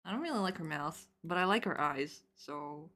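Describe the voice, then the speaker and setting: Young woman streamer rambling and laughing a lot, bright voice, pitch all over the place. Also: expressive, moderate pace, slight background noise. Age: 20s. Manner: rambling, filler-heavy, laughs loudly and often. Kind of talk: casual chat while drawing on stream.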